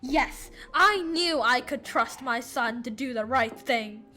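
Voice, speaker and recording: A woman's voice: fairly high pitch, slow, pushed and bright, soft background music, pitched below the performer's own voice. A woman voicing a proud, contented mother goddess in a rambling storytime, with a voice close to her own.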